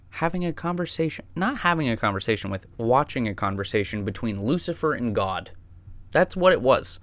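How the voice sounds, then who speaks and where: A man telling a personal story in a casual, rambling way, swearing often and getting excited as he goes. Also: lowish voice, smooth, no echo.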